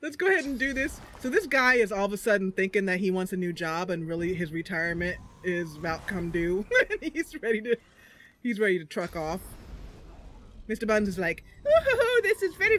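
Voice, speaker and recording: A woman's voice: fairly low pitch, a little fast, fairly bright tone, slight background noise. A woman streaming a roleplay game, chatting casually and laughing often.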